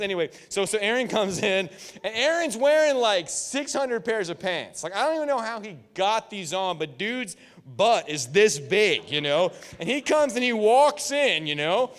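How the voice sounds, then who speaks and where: A man in his thirties preaching to a youth group, telling lively stories and acting out quotes. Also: high voice, normal speed. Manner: animated storytelling with jokes and voiced quotes. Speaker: youth pastor. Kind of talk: sermon. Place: church youth room. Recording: echoey hall with long reverb.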